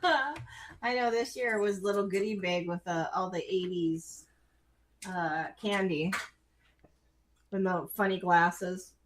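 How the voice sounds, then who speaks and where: A woman co-hosting a casual chat, speaking haltingly with pauses and laughing easily. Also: lowish voice, slight background noise. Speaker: co-host.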